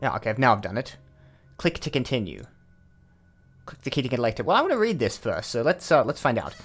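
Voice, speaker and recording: A man's voice: mid-range voice, sing-song, a little fast. A man with an Australian accent giving casual let's-play commentary, rambling and thinking aloud with many fillers. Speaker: gaming channel host.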